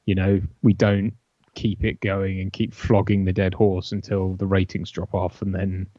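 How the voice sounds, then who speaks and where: A man's voice: low voice, completely flat delivery, normal speed, dark tone, dry recording. A man co-hosting a livestream in casual chat, with a dry, wry and rambling manner. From Britain. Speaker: co-host. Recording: dull, dry, lo-fi mic.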